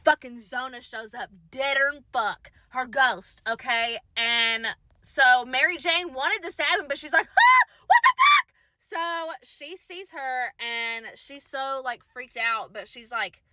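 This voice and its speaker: A woman telling a ghost story casually, animated and profane, checking in with her listeners as she goes. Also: sits high, measured pace, no echo.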